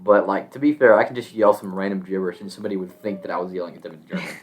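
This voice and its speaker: A man's voice: low-pitched, fairly even intonation, racing. A young man co-hosting a podcast in casual chat, joking and rambling with a teasing edge. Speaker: podcast co-host.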